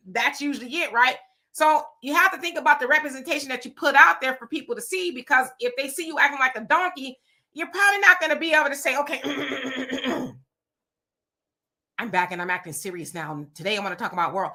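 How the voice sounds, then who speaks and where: A woman's voice: a little high, bright, forceful tone. A woman hosting a casual live stream, greeting viewers one by one and reading their comments aloud in loose vernacular talk.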